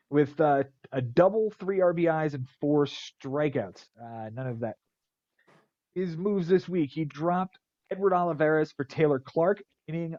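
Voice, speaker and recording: A man's voice: fairly high pitch, darkish tone, no echo, dull audio. Wisecracking man reading off stat lines. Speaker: podcast host. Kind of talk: casual fantasy baseball recap.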